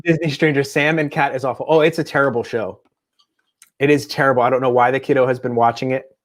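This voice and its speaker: A man's voice: mid-range voice, steady tone, fast talker. A man co-hosting a podcast, talking in a rambling, tangent-prone way. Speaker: podcast co-host. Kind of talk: casual chat.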